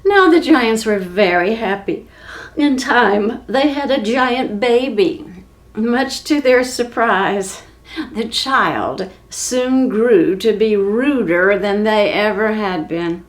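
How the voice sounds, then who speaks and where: A woman telling a children's story for a library reading program, slow and expressive. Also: medium pitch. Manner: slow, expressive, clearly paced.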